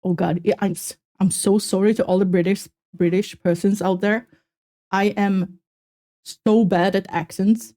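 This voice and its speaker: A woman streamer chatting casually with her viewers while reacting to a video, animated and self-mocking, with a slight Swedish accent. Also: mid-range voice, unhurried. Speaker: VTuber streamer.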